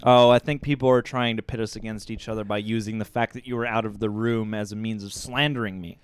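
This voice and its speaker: A man's voice: fairly low pitch, fairly even intonation, fast, smooth, no echo. A man co-hosting a live stream, joking around and reading viewer comments aloud in a casual way.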